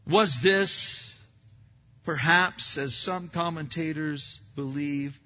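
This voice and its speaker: A man preaching a sermon, swinging between loud emphatic lines and hushed asides. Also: a little high, slow pace. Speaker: pastor. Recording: dull echoey hall recording.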